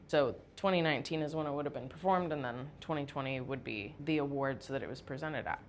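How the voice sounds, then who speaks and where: A woman's voice: low voice, a little hiss or hum. A woman hosting a casual theater history talk, chatty and loose, often using "like". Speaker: host.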